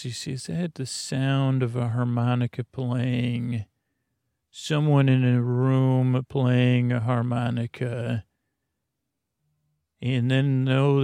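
A man hosts a podcast and spins an improvised comic scene in a deliberate, drawling manner. His voice is creaky and gravelly, with many filler sounds. The recording is close and dry. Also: medium pitch, darkish tone, no echo. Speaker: podcast host.

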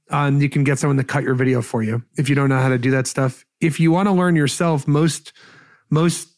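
A man talking as a podcast guest, giving casual sales advice in an energetic, rambling way. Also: mid-range voice.

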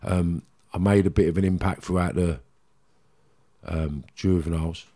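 A middle-aged Cockney guest from London, England, bluntly recounts his past as a rambling interview unfolds, often saying "do you know what I mean." His low, mellow voice holds a steady tone at normal speed, in a candid storytelling style.

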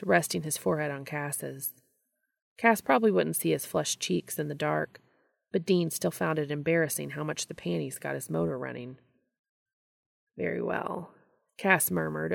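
A woman reading a story aloud in a steady, unhurried storytelling manner. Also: deep voice, vocal fry, no echo, studio quality. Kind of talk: reading fan fiction aloud.

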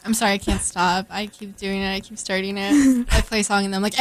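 A young woman musician talks on a studio radio show in a middle-pitched voice. She rambles, stacking fillers and little apologies as she goes. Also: fairly even intonation, quick pace, dry recording, low-quality recording. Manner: rambling, lots of "like", self-deprecating. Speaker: musician guest. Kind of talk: casual on-air chat.

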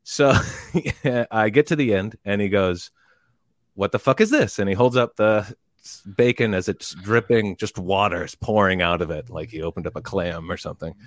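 A man telling a long story in casual chat, rambling and animated, and bursting into loud quoted lines. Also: sits low, normal speed, no echo, studio quality. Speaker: podcast guest telling a story.

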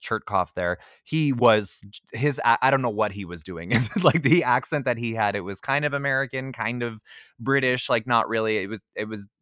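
A man's voice: lowish voice, fairly bright tone, clean tone, dry recording, studio quality. A man co-hosting a podcast, talking casually and rambling through his opinions on films. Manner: rambling, opinionated, frequent restarts. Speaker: podcast co-host. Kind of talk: casual film discussion.

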